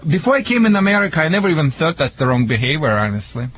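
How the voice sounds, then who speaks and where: A man's voice: a little high, sing-song, very fast, a bit bright, breathy edge. A man from Russia with a Russian accent, joking and giving dog training advice on a call-in radio show in broken English. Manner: playful, joking, broken English with many restarts.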